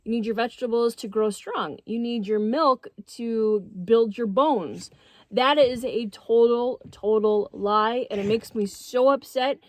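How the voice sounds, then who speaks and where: A woman's voice: fairly high pitch, no echo. A middle-aged woman co-hosting a casual vlog outdoors on a homestead, talking in an earnest, emotional and emphatic way. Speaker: co-host.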